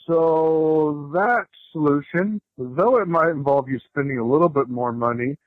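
A man's voice: on the high side, measured pace, dry recording. A man who works in radio leaving a rambling, casual voicemail. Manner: rambling, self-interrupting. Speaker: radio worker, voicemail caller. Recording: dull lo-fi voicemail.

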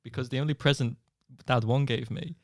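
A man's voice: mid-range voice, fairly even intonation, brisk, vocal fry, no echo, studio quality. A man, a podcast co-host telling long funny anecdotes in casual chat, swearing freely. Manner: storytelling anecdotes with swearing and laughs.

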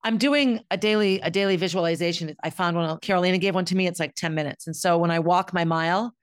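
A woman's voice: fairly low pitch, quick pace, clear, resonant tone, dry recording, studio quality. A middle-aged woman speaking candidly and bluntly in a reflective personal monologue, as the host of her own show. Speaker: podcast host.

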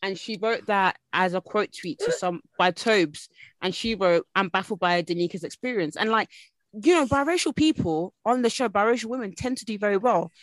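A woman's voice: mid-range voice, normal speed, no echo. A woman hosting a casual podcast chat, talking in loose, rambling sentences full of fillers and restarts. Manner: chatty, storytelling, hedging with fillers. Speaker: podcast host.

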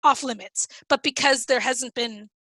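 A woman's voice: on the high side, normal speed, fairly bright tone, dry recording. A woman co-hosting a podcast, chatting casually and rambling with many restarts. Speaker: podcast co-host. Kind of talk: casual chat.

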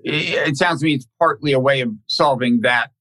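A man hosting a podcast conversation, talking in a halting, thoughtful way with many restarts and repeated words. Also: medium pitch, pushed and bright. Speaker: podcast host. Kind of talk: casual conversational interview.

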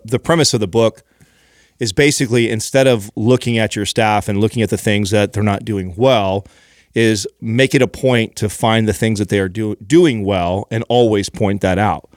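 A middle-aged man, a fitness business leader, reflecting in relaxed podcast chat with many fillers. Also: lowish voice, dry recording, clean studio sound. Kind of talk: casual chat.

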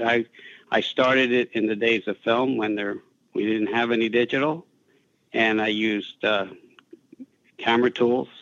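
An older man with a New Jersey accent, a guest in a podcast interview, speaking in a measured way with many "uh" pauses. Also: mid-range voice, fairly bright tone, no room sound, lo-fi sound. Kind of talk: casual interview chat.

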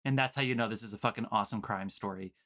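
A man's voice: fairly low pitch, racing, a bit bright. A man hosting a casual movie podcast over a video call, emphatic and swearing freely, with showman-style segment intros. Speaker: podcast host.

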